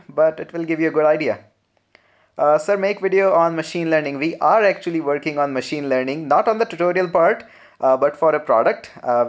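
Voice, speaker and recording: A young man with an Indian English accent answering viewer questions in a relaxed, chatty live Q&A, full of "uh" fillers. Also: a little high. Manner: relaxed, chatty, frequent "uh" fillers, laughs often. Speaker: programming channel host. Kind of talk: live Q&A, reading viewer comments.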